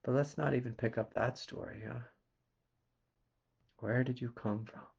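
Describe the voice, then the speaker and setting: Slow, gravelly Southern man, gently asking. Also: medium pitch, fairly even intonation, dull audio. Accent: Southern American. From Kentucky, USA. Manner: slow, gentle, pausing questions with soft laughs. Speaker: spiritual teacher. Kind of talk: slow meditative satsang talk.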